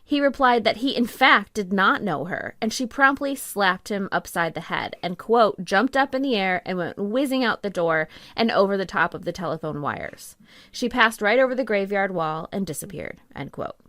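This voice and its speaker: A woman co-hosting a history podcast, reading scripted narration in a steady way with dry asides. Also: mid-range voice, normal speed, dry recording. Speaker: podcast co-host.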